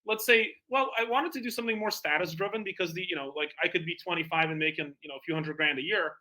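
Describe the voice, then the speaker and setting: Brisk, bright-voiced male salesman storyteller. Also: on the high side, low-quality recording. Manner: lively salesman telling anecdotes with lots of fillers. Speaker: guest, bespoke tailor and entrepreneur. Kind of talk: animated storytelling in conversation.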